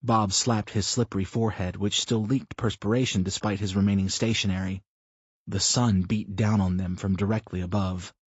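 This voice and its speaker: A man narrating an audiobook in a steady, measured reading, in a slightly muffled recording. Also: fairly low pitch, husky, dry recording. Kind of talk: scripted narration.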